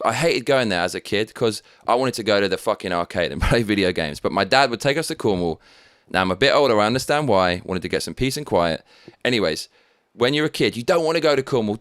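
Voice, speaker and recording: Sweary, rambling English live streamer. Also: male voice, mid-range voice, a bit bright, dry recording, clean studio sound. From England. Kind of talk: casual live stream chat reading viewer comments.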